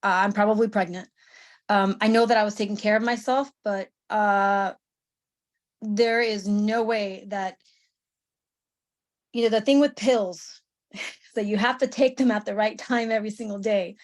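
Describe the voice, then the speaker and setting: Halting woman veteran telling her story. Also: medium pitch, steady tone. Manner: halting, many fillers and restarts. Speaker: panelist, Marine veteran. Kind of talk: casual panel storytelling.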